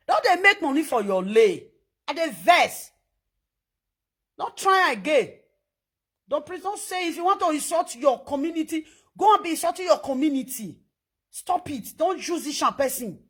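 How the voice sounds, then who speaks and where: Nigerian pidgin lady going off in a rant, high voice, loud and scolding. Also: slightly rough. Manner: animated, loud and scolding, switching between pidgin and English. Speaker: social media personality. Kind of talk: social media rant.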